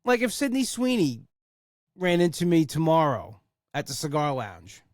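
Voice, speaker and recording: A man's voice: on the high side, huge pitch swings, moderate pace, dry recording, studio quality. A young man hosting a casual solo podcast, rambling with enthusiasm and swearing for emphasis. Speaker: podcast host.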